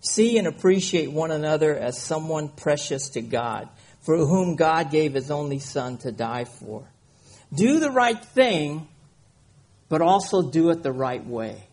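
A man's voice: a little high, lively intonation, unhurried, darkish tone. A man preaching a conversational sermon, reading scripture and often checking in with his listeners. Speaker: pastor.

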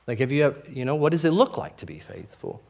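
A man's voice: mid-range voice, very animated, quick pace, creaky, darkish tone. Young man, pastor, conversational sermon, fillers and restarts, frank and self-mocking. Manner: candid, self-deprecating, full of fillers and restarts.

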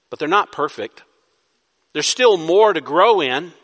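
A man's voice: on the high side, very animated, measured pace, fairly bright tone. A man, a pastor, preaching a sermon, asking rhetorical questions and building to emphatic bursts. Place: church sanctuary. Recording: long hall reverb.

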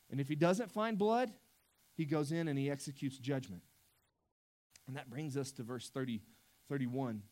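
A man's voice: a little high, a little mellow. A man preaching a sermon as pastor, conversational and emphatic, often restarting his sentences.

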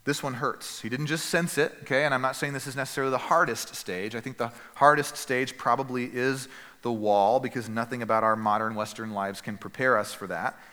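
A man preaching a sermon as pastor, earnest and emphatic, with dramatic pauses and quiet drops. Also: mid-range voice, steady tone, long reverb tail.

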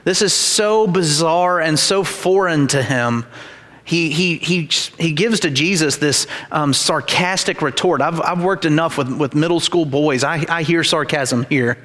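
A man's voice: a little high, unhurried, a bit bright. A man preaching a sermon as pastor, emphatic and repetitive, with dramatized quotes. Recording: reverberant hall.

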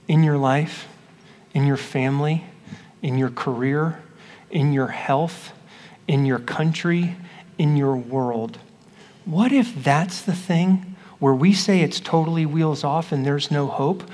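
A pastor with a fairly high voice reads scripture and then teaches it in an easy, question-asking way. He is heard in a church hall where his voice rings out with a long reverb. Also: a little mellow. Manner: conversational, asks the congregation questions. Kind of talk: scripture reading and sermon teaching.

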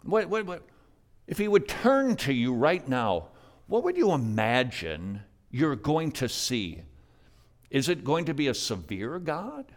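A man preaching a sermon, with dynamic delivery that swings from hushed to loud. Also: on the high side, very animated, slow pace. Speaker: pastor.

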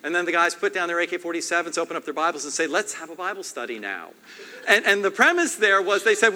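A man preaching a sermon as pastor, emphatic and repetitive, swinging between loud and hushed. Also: high voice, lively intonation, fast talker. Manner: emphatic, swings loud and soft, repeats phrases. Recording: long hall reverb.

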